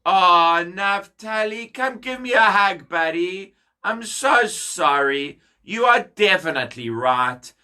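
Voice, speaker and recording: A man's voice: high voice, expressive, slow pace, sharp tone, smooth, heavily acted. A man voicing a scheming, charming young prince in a children's story, overfriendly and gushing.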